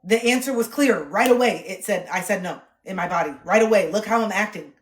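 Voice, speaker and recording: A woman streamer telling personal stories frankly, swearing, dropping to hushed reflection and then bursting into loud laughing re-enactments. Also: medium pitch, fairly quick. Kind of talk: candid personal storytelling. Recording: echoey room.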